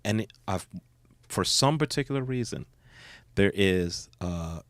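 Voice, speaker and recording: A man hosts a podcast in loose, easygoing conversation. His voice sits on the low side, and he rambles through his points while often agreeing with "right, right, right." The sound is close and dry. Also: animated, measured pace, no echo. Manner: laid-back, rambling, frequent "right, right, right". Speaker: podcast host. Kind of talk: casual chat.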